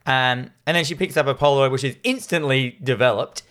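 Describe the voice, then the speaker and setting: A man's voice: medium pitch, fairly quick, fairly bright tone, a little hiss or hum. A man, co-hosting a casual chat, retelling a film plot with wry, sarcastic asides. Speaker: podcast co-host.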